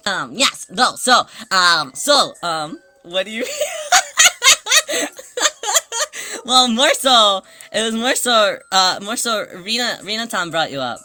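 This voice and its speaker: A woman streamer in casual stream chat, an excitable storyteller who stumbles, restarts, swears and laughs often. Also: mid-range voice, slow pace, pauses often, soft background music.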